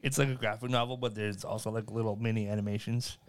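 Lowish-voiced guy on a podcast, mostly agreeing and chiming in. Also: little pitch movement, fast talker, smooth. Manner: agreeable, chimes in and echoes others. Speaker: podcast guest. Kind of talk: casual podcast chat.

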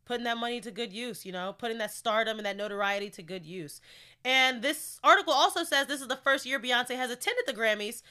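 A woman's voice: fairly high pitch, animated, brisk, sharp tone. A young woman hosting her own podcast, talking casually and with strong opinions, full of "you know" and "like". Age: young adult. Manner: chatty, opinionated, uses fillers like "you know" and "like". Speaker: podcast host. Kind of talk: casual solo podcast commentary.

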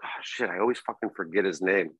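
A man's voice: sits low, quick pace, fairly bright tone, slightly rough, dry recording, rough recording. A man co-hosting a podcast, teasing and incredulous, swearing often in casual banter. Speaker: podcast co-host.

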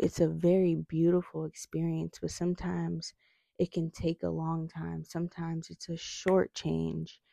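A woman's voice: low voice, gravelly, mellow, dry recording. A young woman with retainers in her mouth giving an earnest devotional talk on prayer, often checking in with "right?". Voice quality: slight lisp from retainers. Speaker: faith vlogger.

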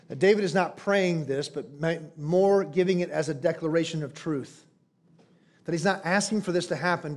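A man preaching a sermon as pastor, emphatic and animated, posing rhetorical questions and acting out quoted prayers. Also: a little high.

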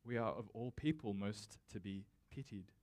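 A man's voice: lowish voice, moderate pace. Man preaching a casual, conversational sermon. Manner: speaks directly to the congregation. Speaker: pastor.

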